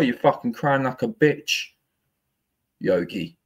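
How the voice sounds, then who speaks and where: A man's voice: mid-range voice, expressive, a little slow, husky. A man on a livestream, ranting angrily, swearing, taunting and threatening.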